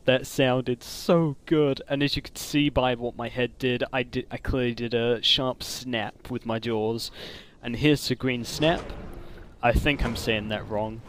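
A man giving casual commentary on a game mod, excitable and gushing, with frequent exclamations. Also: medium pitch, slight background noise. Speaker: gaming commentator.

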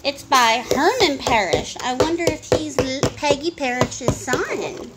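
Woman reading aloud to a kid, high, lively and unhurried, chatty asides. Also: very noisy. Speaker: storybook reader.

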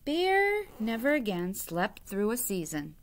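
A woman reading a children's picture book aloud in an expressive, deliberate way. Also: medium pitch. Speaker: reader. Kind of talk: storybook read-aloud.

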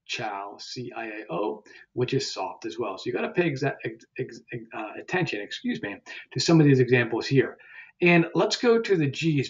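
A man teaching pronunciation in a relaxed, conversational way, pausing on fillers and correcting himself as he goes. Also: medium pitch, muffled recording. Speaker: language teacher. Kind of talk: explaining pronunciation.

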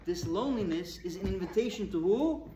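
A man's voice: high voice, lively intonation, fairly quick, mellow, a little hiss or hum. A male rabbi giving a Torah talk, firing rhetorical questions at his audience with emphasis. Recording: echoey room with faint ambience.

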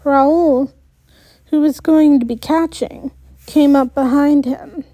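A woman's voice: high voice, fairly even intonation, slow, mellow, no room sound. A woman reading a first-person story aloud, with restarts and little asides. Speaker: story reader.

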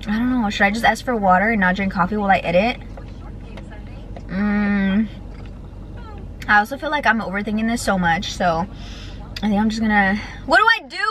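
A young woman in her twenties chatting excitedly to her phone camera while out and about, full of "y'all" and "like". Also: medium pitch, poor audio. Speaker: vlogger. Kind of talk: casual vlog chat to camera.

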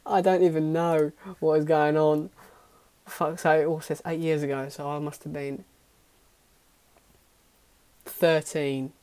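A man's voice: on the high side, level tone, measured pace, pauses often, a little mellow, clear, resonant tone. A young man giving casual, self-mocking reaction commentary on his old videos, swearing often. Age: young adult. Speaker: YouTuber.

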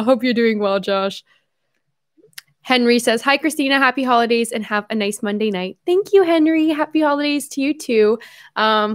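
Streaming live from home, a young adult woman gushes casually to her audience, reading their messages out loud and tossing in rapid asides and self-corrections. She has a mid-range voice.

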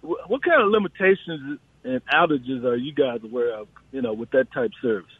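A man's voice: mid-range voice, expressive, normal speed, husky, no room sound. A man calling in to a radio show, hesitantly asking about his home services. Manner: hesitant, searching for words. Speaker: caller. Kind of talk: phone-in question. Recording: tinny dry phone line.

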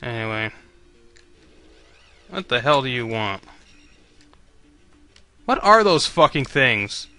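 Sharp-voiced man griping through a game. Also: mid-range voice, sing-song, takes it slowly, pauses often, clean tone, soft background music. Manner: profane, sarcastic griping. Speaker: let's play commentator. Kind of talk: game commentary.

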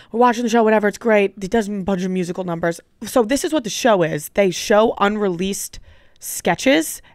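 A young woman co-hosting a podcast, telling a story in casual chat, animated and swearing freely as she acts out her own reactions. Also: on the low side, no room sound, studio quality. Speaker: podcast co-host.

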